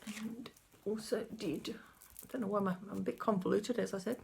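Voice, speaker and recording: A woman's voice: medium pitch, fairly even intonation, moderate pace, vocal fry, a little mellow, a little hiss or hum. A woman casually showing her cross-stitch projects in a chatty, rambling way that keeps correcting itself. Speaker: flosstube host.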